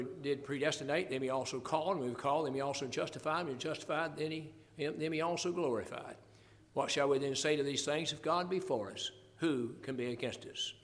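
A man's voice: mid-range voice, big-room sound. An older man preaching a sermon, expounding scripture in an earnest, folksy way. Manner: earnest Bible exposition, folksy asides, quoting scripture.

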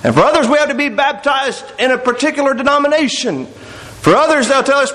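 A man's voice: very high-pitched, expressive, fast, pushed and bright, rough recording. A man preaching a sermon, explaining scripture verse by verse and reading passages aloud. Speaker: pastor.

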